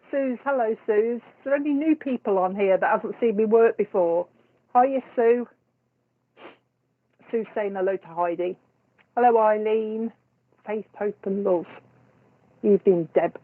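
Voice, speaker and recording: A woman hosting a live psychic stream, chatting with viewers and laughing easily between remarks. Her voice sits at an ordinary middle pitch for a woman. The sound is thin and tinny, as if heard over a phone line. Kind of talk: casual live-stream chat greeting viewers.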